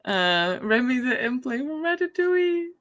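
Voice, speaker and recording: A woman's voice: high voice, big pitch swings, moderate pace, fairly bright tone. A woman chatting casually on a livestream, giggling often as she talks. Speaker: book streamer.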